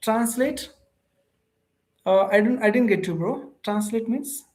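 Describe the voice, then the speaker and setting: A man with an Indian accent chatting casually on a livestream and answering viewers' comments. His speech is halting, full of fillers, restarts and informal address such as bro and ma'am. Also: sits high, a little mellow. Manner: hesitant, many fillers and restarts. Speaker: host of an English practice livestream.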